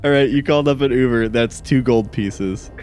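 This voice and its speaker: A man's voice: medium pitch, moderate pace, darkish tone, a little hiss or hum. A man running a tabletop game as game master, describing scenes in a hesitant way full of "uh" and "you know". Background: background music.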